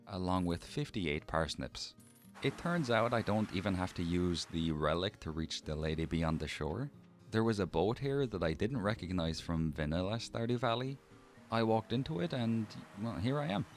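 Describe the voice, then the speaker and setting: A man with a lisp narrating his gameplay in a scripted voice-over, with dry, mock-dramatic humor. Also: low-pitched.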